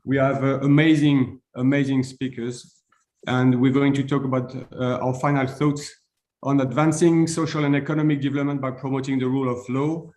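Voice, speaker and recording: A man's voice: mid-range voice, level tone, brisk, a little mellow. German-accented man moderating, echoey room. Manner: hesitant, many fillers. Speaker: webinar moderator. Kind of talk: introducing a speaker.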